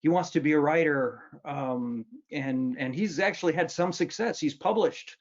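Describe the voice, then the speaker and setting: A man voicing a deep-voiced, gloomy middle-aged father who gives slow, deadpan warnings. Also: lo-fi sound, natural voice. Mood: grave deadpan.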